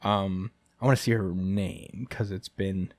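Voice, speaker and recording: A man's voice: low voice, steady tone, unhurried, darkish tone, dry recording. A man hosting a podcast who recaps a manga chapter in casual chat. He rambles, chuckles often and fills his speech with "uh" and "like.". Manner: rambling and chuckling, many fillers. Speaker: podcast host.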